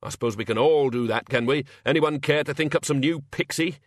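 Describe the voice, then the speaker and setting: A man voicing a pompous, irritable older male wizard in an audiobook, snappish and quick to take offence. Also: mid-range voice, no echo, studio quality, voice pushed up, close to an everyday voice. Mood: scoffing.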